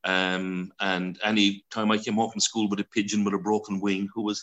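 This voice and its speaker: Chatty Irish man with a bright voice. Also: fairly low pitch, flat delivery, normal speed, muffled recording. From Ireland. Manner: chatty, laughs often, acts out voices in his stories. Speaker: broadcaster and interview guest. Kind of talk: casual storytelling interview.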